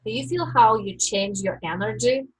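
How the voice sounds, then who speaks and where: A woman life coach giving a live-stream coaching talk, teaching in a slow, deliberate way with reflective pauses. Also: on the high side, slight background noise, low-quality recording.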